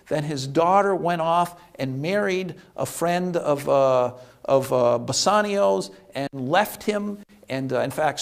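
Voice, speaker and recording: Guy lecturing, retelling a play, kinda high voice w/ lots of vocal fry, lots of uh and restarts. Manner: animated storyteller with frequent fillers and restarts. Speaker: economics lecturer.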